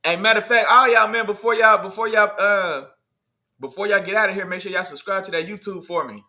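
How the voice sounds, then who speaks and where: A high-pitched man hosts a casual sports livestream. He talks in loose slang and banters with his chat. His voice is very bright and forceful. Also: fairly quick. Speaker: livestream host.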